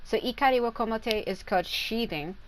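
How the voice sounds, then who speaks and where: A woman's voice: a little high, brisk, a little hiss or hum, low-quality recording. A woman casually explaining a video game's character abilities, chatty and often stumbling over long foreign names. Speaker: gaming content creator. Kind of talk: casual explanatory game talk.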